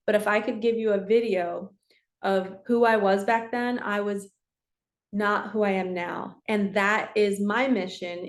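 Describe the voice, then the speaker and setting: Middle-aged woman, earnest heartfelt spiritual chat, roomy echoey sound. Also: medium pitch. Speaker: spiritual channel host, card reader. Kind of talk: casual spiritual talk to camera. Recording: echoey room.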